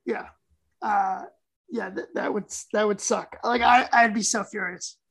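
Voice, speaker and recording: A woman co-hosting a sports podcast in casual, excitable chat that often runs over her co-host. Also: medium pitch, unhurried, creaky, breathy edge, low-quality recording.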